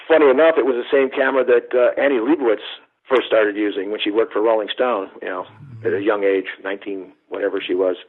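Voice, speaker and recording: A man's voice: lowish voice, fairly even intonation, quick pace. A middle-aged man, a guest photographer, telling rambling, profane stories over the phone. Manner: rambling, profane, acts out quoted dialogue. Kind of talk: casual storytelling. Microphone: phone call. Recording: tinny phone line.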